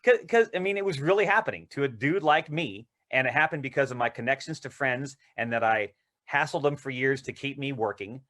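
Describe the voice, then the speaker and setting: A male actor, interviewed as a guest, telling rambling, excited anecdotes in casual conversation. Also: mid-range voice, brisk.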